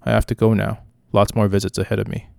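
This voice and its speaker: A man reading the lines of a calm, secretive male psychiatrist, measured and reassuring. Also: fairly low pitch, creaky, no echo, clean studio sound.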